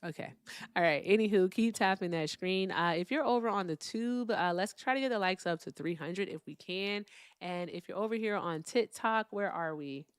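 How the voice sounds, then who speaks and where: A woman hosting a live call-in stream, chatting casually and swinging between loud remarks and hushed asides. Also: mid-range voice, moderate pace, clear, resonant tone, no echo, clean studio sound. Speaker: livestream host.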